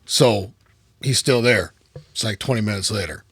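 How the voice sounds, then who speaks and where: A man's voice: lowish voice, moderate pace, slightly rough, no echo. A man and firefighter who tells stories animatedly and swears often in a casual podcast chat. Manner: animated storyteller with frequent swearing. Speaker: firefighter guest.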